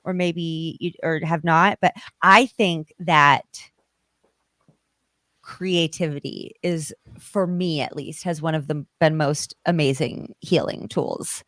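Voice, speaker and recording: A woman hosting a podcast from home, chatting casually and quickly with frequent laughter. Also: lowish voice, fairly bright tone, dry recording. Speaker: podcast host. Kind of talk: casual interview chat. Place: home in Colorado.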